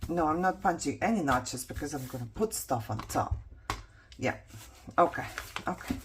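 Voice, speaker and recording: Talking to herself as much as to her viewers, a woman vlogger makes a craft while poking fun at her own tiredness. She speaks at a normal speed in a low, expressive voice, with background noise in the recording.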